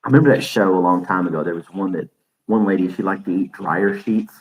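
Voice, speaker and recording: Deep-voiced man rambling on his podcast. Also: fast talker, rough recording. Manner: rambling, chuckles often. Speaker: podcast host. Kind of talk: casual live-stream chat. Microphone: desk microphone.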